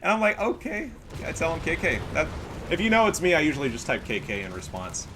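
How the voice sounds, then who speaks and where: A man casting a game replay, excitable and profane, full of trash talk. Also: on the high side, quick pace, background noise. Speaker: gaming commentator. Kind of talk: casual replay commentary.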